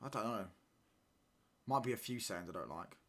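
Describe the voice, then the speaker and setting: A young man chatting casually and slangily on a live football watchalong stream, sometimes getting loud when he rants. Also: fairly low pitch, expressive, moderate pace. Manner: casual slangy banter, repeats phrases, gets loud when ranting.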